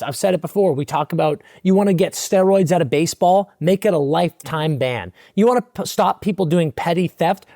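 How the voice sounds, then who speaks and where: A man's voice: high voice, darkish tone, no echo, studio quality. A young man co-hosting a casual comedy podcast, ranting in mock outrage with exaggerated bluster. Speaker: podcast co-host.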